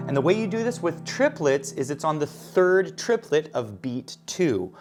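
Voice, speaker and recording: A man's voice: a little high, expressive, moderate pace, hardly any pauses. A man teaching an online piano lesson, encouraging and counting beats aloud as he plays. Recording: piano playing under the voice.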